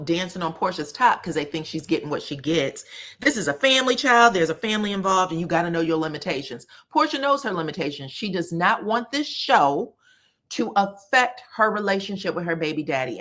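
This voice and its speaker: A woman giving a casual, sassy recap of a reality show, animated, and slipping into the voices of the people she quotes. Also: fairly low pitch, fairly quick. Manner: animated, sassy, slips into voices of the cast when quoting.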